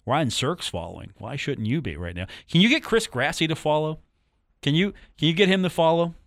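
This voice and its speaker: A man's slightly high, animated voice comes across brisk and a bit bright on a dry studio-mic recording. Hosting sports talk radio from the studio, he's chatty and jokey with listeners between game talk, repeating phone numbers and catchphrases.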